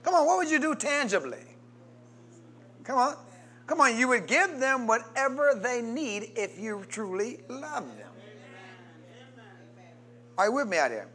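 Man, pastor, high voice, call-and-response sermon, loud calls and quiet asides. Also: sing-song, unhurried, pauses often. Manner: call-and-response preaching, prompting the congregation to answer; swings between loud emphatic calls and low quiet asides.

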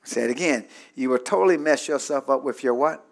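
A pastor preaches in call-and-response style, repeating lines and asking the congregation to say them back. His medium-pitched, gravelly voice moves fairly quickly, swinging between soft asides and shouted climaxes.

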